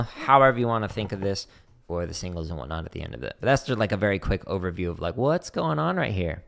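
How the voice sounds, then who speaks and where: Gravelly-voiced man teaching drums casually. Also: lowish voice, lively intonation, quick pace, background noise. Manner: chatty, lots of "like" fillers, counts out rudiments aloud. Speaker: drum instructor streaming. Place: home practice room. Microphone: desk microphone.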